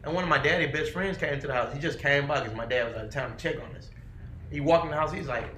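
Male podcast guest, animated and profane storyteller, slightly higher voice, echoey room with faint noise. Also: quick pace. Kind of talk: casual chat.

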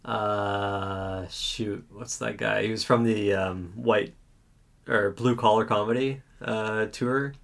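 A man's voice: fairly low pitch, fairly even intonation, vocal fry. A man, a regular guest on a podcast, chatting casually and often stopping to search for a name he can't recall. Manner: halting, searches aloud for names. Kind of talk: casual chat.

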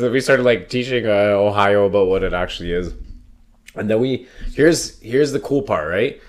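Profane, animated storyteller, low-pitched man. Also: normal speed. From Toronto, Canada. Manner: profane, animated storyteller who laughs often. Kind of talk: casual chat.

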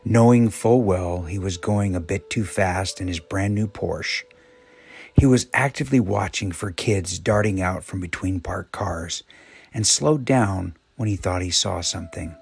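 Low raspy guy reading an uplifting story, slow and thoughtful, soft music under. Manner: slow, measured, reflective. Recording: soft music bed behind voice.

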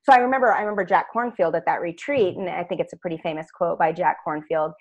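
A woman's voice: on the low side, fast talker, dull audio. A woman talking as a guest in an earnest, reflective conversation.

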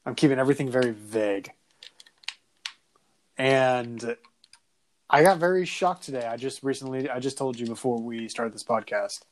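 Laughing, animated male podcast host. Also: mid-range voice, moderate pace, pauses often, slight background noise. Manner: animated storytelling, laughing often, crude. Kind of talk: casual chat.

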